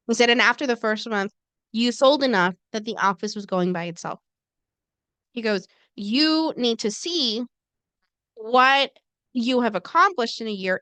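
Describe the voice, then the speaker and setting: A woman's voice: a little high, a bit bright, smooth, no echo. A woman co-hosting a podcast, telling a personal story in casual chat and acting out quoted lines. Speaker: co-host.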